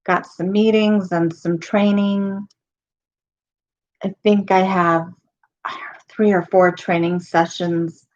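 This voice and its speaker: Middle-aged woman hosting a casual live stream, hoarse from losing her voice, halting delivery, dull lo-fi sound. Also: on the low side, flat delivery, darkish tone. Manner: halting, with many pauses and ums.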